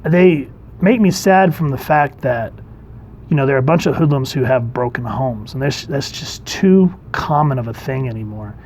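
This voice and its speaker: Dad reviewing comics, chatty and laid back, mid-pitched voice, bit of hiss behind. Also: male voice, moderate pace. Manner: chatty, relaxed, reads comic panels aloud. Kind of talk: casual video review.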